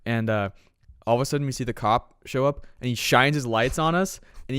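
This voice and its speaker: A man's voice: mid-range voice, a little fast, a bit bright, smooth, dry recording, studio quality. A young man co-hosting a casual podcast, telling a story in a laid-back way and laughing along. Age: young adult. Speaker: podcast co-host. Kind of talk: casual chat.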